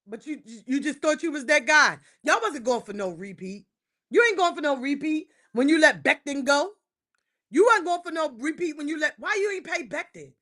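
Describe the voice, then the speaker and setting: A woman hosting a livestream, ranting casually to her chat about her football team. She repeats lines for emphasis and swings between shouting and muttering. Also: high voice. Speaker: livestream host. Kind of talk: casual sports rant to live chat.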